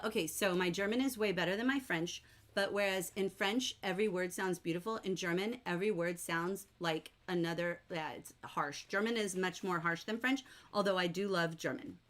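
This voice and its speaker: A middle-aged woman teaching a livestreamed novel-study class, chatty and animated, reading viewer comments aloud and acting out characters' lines. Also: medium pitch.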